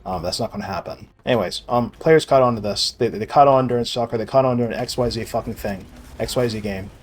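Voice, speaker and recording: A young man casually rambling and swearing as he plays a video game, sarcastic and quick to laugh at himself. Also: medium pitch. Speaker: gaming video creator. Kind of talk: casual rambling commentary while playing.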